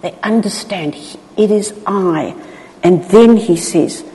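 Expressive woman preacher in a hall. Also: medium pitch, takes it slowly. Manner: expressive, acts out Bible voices. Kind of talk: sermon. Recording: long hall reverb.

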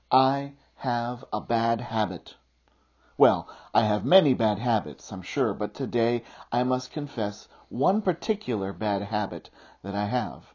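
A man's voice: medium pitch, darkish tone, husky. A middle-aged man preaching a sermon as a pastor, telling a self-deprecating story before turning earnest. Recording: muffled lo-fi recording.

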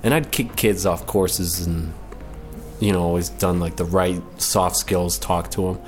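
A young man in his late twenties tells a personal story in a deep, low voice. He talks in a laid-back, rambling way, pausing and correcting himself mid-sentence. Faint music sits under him. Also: steady tone. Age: 20s. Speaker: storyteller guest.

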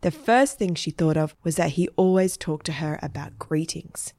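Low, gravelly woman storyteller. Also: moderate pace, a little mellow, no room sound, studio quality. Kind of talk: scripted children's story narration.

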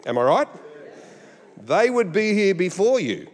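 An Australian man preaching a sermon, animated and humorous, mimicking voices as he goes. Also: sits high, a little slow, big-room sound. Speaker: pastor.

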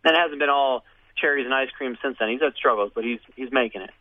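A man's voice: mid-range voice, fast talker, no echo. Man telling a story over radio. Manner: animated, acts out quoted voices. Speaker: guest telling his story. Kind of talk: casual storytelling. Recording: phone-like radio audio.

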